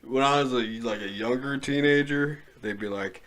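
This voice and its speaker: A young man hosting a casual podcast chat, giggling often and bursting into loud quoted lines. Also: medium pitch, normal speed. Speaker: podcast host.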